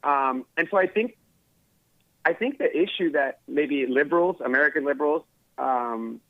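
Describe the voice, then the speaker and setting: A male caller from the Los Angeles area who talks in a loose, rambling way and leans on fillers. His fairly high voice comes through a dull, muffled line with a dry sound. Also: animated, normal speed, dry recording. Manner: casual, rambling, full of fillers like "like". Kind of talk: phone-in conversation.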